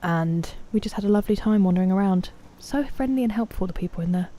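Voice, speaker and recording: A woman's voice: mid-range voice, fast, dark tone. A young woman streaming a game, chatting playfully and greeting viewers by name. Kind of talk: casual live-stream chat while gaming. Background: faint game music.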